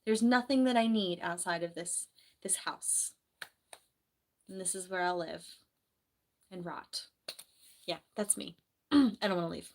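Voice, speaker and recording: A chatty young woman from New Jersey, a nurse who hosts livestreams, rambles casually from her bedroom at home and reads viewer comments aloud. Her voice is fairly low and slightly hoarse from the flu, a little slow with long pauses, and there's a faint hiss or hum.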